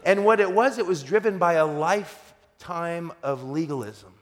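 A man's voice: fairly high pitch, normal speed. Humorous preaching man in an echoing hall. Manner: conversational, humorous storyteller who grows emphatic when preaching. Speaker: pastor. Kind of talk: sermon told as a personal story. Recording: long reverb of a large hall.

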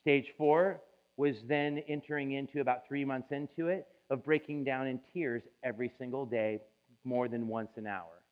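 A pastor delivers a sermon testimony, sharing his own story in an emotional, confessional way. His mid-range voice is smooth and steady at a normal speed, though the recording sounds tinny, like a phone.

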